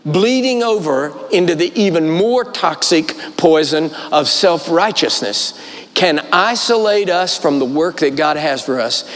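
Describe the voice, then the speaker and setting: A guest preacher with a fairly bright, higher-leaning male voice delivers a sermon in a large church auditorium. He tells the story dramatically, gives voices to its characters, and repeats lines for emphasis. Long hall reverb hangs on the recording.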